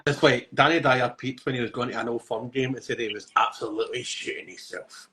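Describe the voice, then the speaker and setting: A man, hosting a casual podcast chat and telling animated, sweary stories. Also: mid-range voice, fast talker. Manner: animated storytelling, swears freely. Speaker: podcast host.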